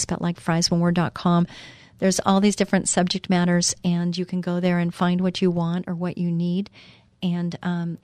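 A woman's voice: fairly low pitch, a little mellow, no room sound. A middle-aged woman hosting a faith-based talk show, speaking in an earnest, heartfelt, rambling way. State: emotional at moments. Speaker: show host.

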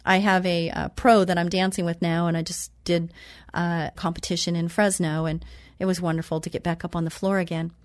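A woman hosting a Christian talk show who reads scripture slowly and with emphasis, then chats casually. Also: fairly low pitch, flat delivery, dry recording.

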